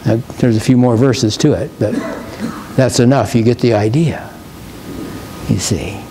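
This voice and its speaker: A man's voice: mid-range voice, measured pace, noisy background. A male pastor giving a sermon in a church, preaching emphatically and reading scripture with rising force. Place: church sanctuary.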